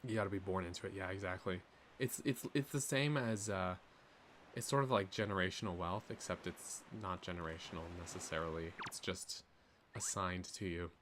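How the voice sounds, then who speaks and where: A man's voice: low voice, moderate pace, a bit bright, slight background noise. A man streaming a video game, chatting casually with viewers and joking along.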